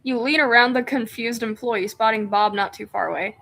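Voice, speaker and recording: Young woman rambling thru a game stream, bright voice, a bit high, laughs a lot. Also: gravelly. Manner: excitable, rambling, quick to laugh. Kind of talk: casual let's-play chat, reading game text aloud.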